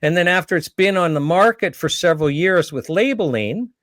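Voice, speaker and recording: Indignant man, fairly high voice. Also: expressive, fairly quick, a bit bright, no room sound. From Canada. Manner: indignant and sarcastic. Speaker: advocacy speaker. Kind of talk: impassioned commentary.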